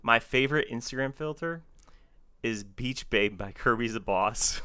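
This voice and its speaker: A man's voice: medium pitch, unhurried, sharp tone, smooth. A man hosting a podcast in casual conversation, joking and enthusiastic. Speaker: podcast host.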